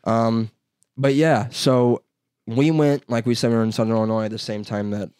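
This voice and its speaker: A man's voice: mid-range voice, fairly even intonation, moderate pace, darkish tone, clear, resonant tone, dry recording, clean studio sound. A man hosting a podcast, telling a story in a rambling, filler-heavy way and mimicking the people in it. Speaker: podcast host. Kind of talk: casual storytelling chat.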